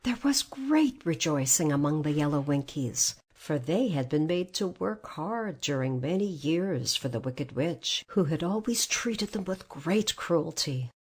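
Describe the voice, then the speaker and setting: A woman narrating a storybook aloud in an expressive read-aloud manner. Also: low-pitched, unhurried, hardly any pauses, breathy edge.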